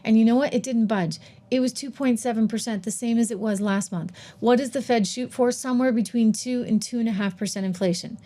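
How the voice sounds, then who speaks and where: A woman's voice: a little high, brisk, dark tone. A middle-aged woman hosting her own commentary show on the economy, emphatic and mocking, talking straight to her viewers. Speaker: host.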